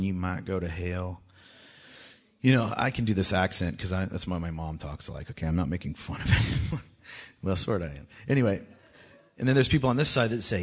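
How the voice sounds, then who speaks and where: A man with children, a worship leader giving a joking testimony talk to a church that rises into loud, urgent exhortation. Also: mid-range voice, slightly rough. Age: adult with children. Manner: joking, self-mocking, often laughing.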